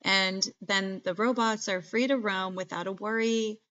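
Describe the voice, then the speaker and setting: A woman's voice: mid-range voice, steady tone, unhurried, fairly bright tone. Woman podcast host rambling through a movie recap, lots of "like", kinda muffled lo-fi mic. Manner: chatty, filler-heavy, jokey.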